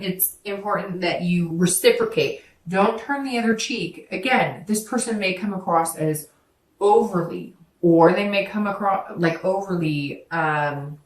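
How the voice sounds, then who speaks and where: A woman with a mid-range voice gives her viewers a casual tarot reading, talking straight to them as she rambles and corrects herself. The room is echoey, and she sounds distant from the mic.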